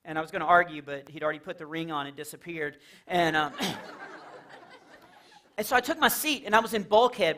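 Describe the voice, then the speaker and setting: A man's voice: a little high, sharp tone. A man from Texas doing a chatty stand-up comedy set for a church audience, jumping into silly voices for his jokes. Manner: playful, chatty, jumps into silly character voices. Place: church fellowship hall with a live audience.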